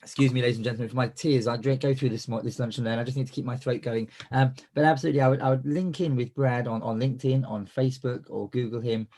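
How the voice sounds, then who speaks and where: A man's voice: medium pitch, steady tone, fast talker, few pauses, warm tone. A man with a cold and a cough, hosting a business coaching webinar in a chatty style full of fillers and restarts. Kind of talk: live webinar presentation.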